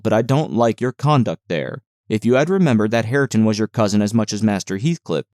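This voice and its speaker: Male audiobook narrator, lowish voice, dry close studio sound, measured literary reading. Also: no room sound. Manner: measured, even reading with quoted dialogue.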